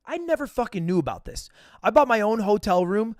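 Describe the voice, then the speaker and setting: A man's voice: high-pitched, animated, fairly quick, a little mellow, no echo, studio quality. A man telling a casual, profane, self-mocking story as a podcast host.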